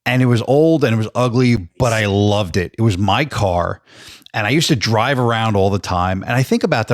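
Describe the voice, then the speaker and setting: A man's voice: fairly low pitch, a little fast, dry recording, clean studio sound. A man co-hosting a podcast, chatting casually about Bible stories and acting out quoted lines as he tells them. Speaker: podcast co-host.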